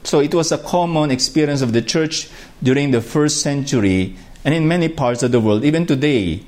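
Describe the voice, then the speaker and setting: A man's voice: fairly high pitch, a little mellow. A man with a Filipino accent preaching a sermon, reflective and emphatic on key phrases. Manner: slow, reflective, with rising emphasis on key words.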